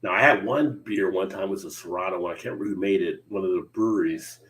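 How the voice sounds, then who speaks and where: A New Jersey man with a low, fairly bright voice talks fast on a low-quality recording. Hosting a casual beer live stream, he's laid-back and joking, reading beer news out loud.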